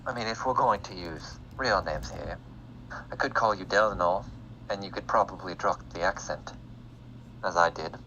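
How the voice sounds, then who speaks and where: A man's voice: deep voice, normal speed, sharp tone, muffled recording, a little hiss or hum. A man narrating a tabletop game as the game master, describing scenes and laughing often. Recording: background music under voice. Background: music.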